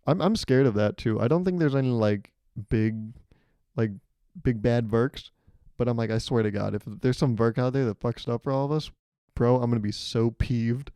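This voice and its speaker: A man's voice: medium pitch, moderate pace, dark tone, smooth, no room sound, studio quality. A young man hosting his own podcast, talking alone into a microphone in a rambling, self-mocking comedic way and laughing at his own jokes. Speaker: podcast host. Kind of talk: solo comedic podcast monologue. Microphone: studio microphone, hears himself in headphones.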